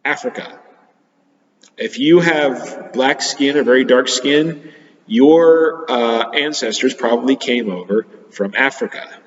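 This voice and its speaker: A man teaches a class of children, explaining things simply and patiently and pausing often. His voice comes through a dull, lo-fi recording that rings in a roomy space with a long reverb tail. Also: mid-range voice. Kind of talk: geography lesson for children.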